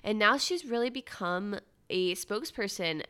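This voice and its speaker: A woman's voice: medium pitch, animated, moderate pace, pushed and bright, smooth. A young woman hosting her own podcast in casual solo chat, with uptalk and a valley girl way of speaking. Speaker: podcast host.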